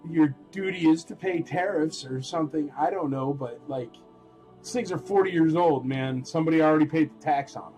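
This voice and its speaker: A man hosting a live-stream toy auction, chatting in a rambling, animated way and calling out bids. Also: a little high, low-quality recording.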